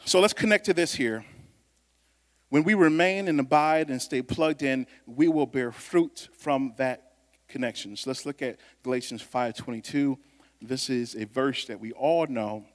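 A man preaching a sermon to a congregation, talking conversationally, with loud bursts of emphasis and quiet asides. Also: medium pitch, measured pace. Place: church sanctuary. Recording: long reverb of a church hall.

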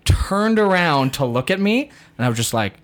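A man's voice: fairly high pitch, moderate pace. A male actor telling a funny story in casual conversation, laughing often as he talks. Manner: laughs often, lively anecdote.

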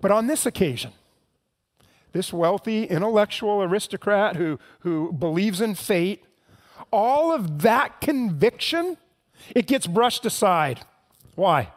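High-voiced man preaching a sermon. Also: animated, measured pace. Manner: earnest preaching, swings from hushed to impassioned. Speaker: pastor.

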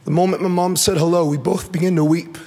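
High-voiced man telling his story. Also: fast talker, long reverb tail. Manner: animated storytelling, acts out quotes, repeats and restarts. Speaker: guest speaker. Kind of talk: personal testimony to a church audience.

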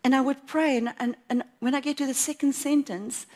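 A woman giving a personal faith testimony at church, telling her story in a lively way and acting out what she thought at the time. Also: sits high, a little fast. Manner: animated storytelling, acts out her own past thoughts, laughs often.

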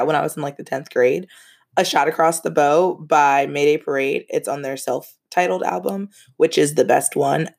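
A woman's voice: low-pitched, creaky. A young woman hosting a casual podcast, telling a story with frank, profane asides and laughs.

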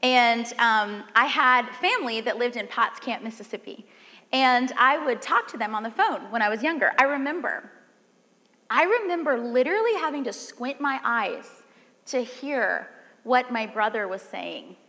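Woman preacher with a Southern accent, high and bright, chatty, asks the room questions. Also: long reverb tail. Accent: Southern American. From Southern United States. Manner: animated, conversational, asks the audience questions. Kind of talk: sermon.

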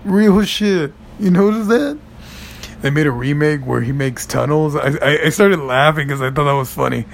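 Gravelly man in a profane rant. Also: moderate pace, slight background noise. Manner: animated, profane, swings from mutters to high shouts. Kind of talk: profane stand-up style rant.

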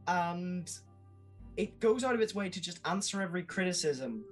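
A man talking enthusiastically as a podcast guest, with quick asides and laughs. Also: high voice, animated, faint music behind, low-quality recording. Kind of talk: casual podcast chat.

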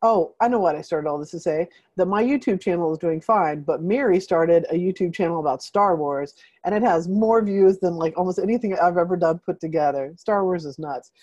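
A woman's voice: fairly low pitch, brisk, few pauses, no echo. A woman hosting a group video call, telling a story in a rambling, casual way full of fillers. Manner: rambling, filler-heavy, animated retelling.

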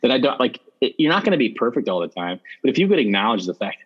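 A man speaking as a podcast guest, telling stories in a blunt, profane, animated way. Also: medium pitch, fast, few pauses, slightly rough, dull audio. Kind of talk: casual conversational interview.

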